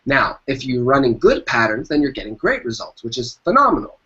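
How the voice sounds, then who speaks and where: This entrepreneur guest speaks at medium pitch, very animated and fairly quick, his tone pushed and bright. In the interview he hammers home motivational business advice, returning again and again to his key phrases. The audio is dull and lo-fi.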